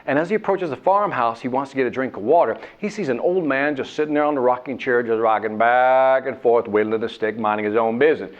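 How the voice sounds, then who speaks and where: A man giving a motivational sales talk, telling a story and acting out whining voices along the way. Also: medium pitch. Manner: animated, acts out whining voices and characters. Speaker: sales trainer. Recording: dull lo-fi sound.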